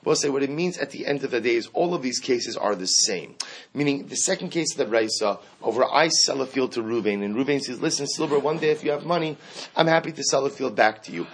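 A man teaching a Talmud class, animated, acting out the quoted speakers as he explains each case. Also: mid-range voice, fast talker, husky. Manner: animated, acts out quoted speakers, mixes Aramaic terms into English.

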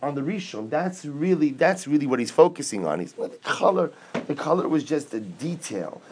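A man's voice: medium pitch, a little mellow, breathy edge. A man teaching a Talmud class, explaining step by step with rhetorical questions and mixing English with Aramaic and Hebrew quotes.

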